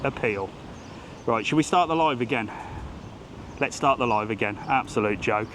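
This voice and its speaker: A British travel vlogger with a mid-range voice speaks at a normal pace during a live walk-and-talk stream on a busy outdoor resort strip. Ranting bluntly and casually swearing, he greets people as he goes, with faint street noise in the background.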